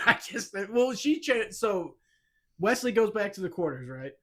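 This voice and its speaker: Animated high-voiced young man riffing. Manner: animated, acts out scenes in quick put-on voices. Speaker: podcast co-host. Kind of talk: casual profane chat.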